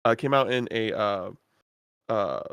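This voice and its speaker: Smooth-voiced relaxed podcast man. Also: lowish voice, unhurried, dry recording. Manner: relaxed, hesitant, many "uh" and "um". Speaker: podcast co-host. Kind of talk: casual chat.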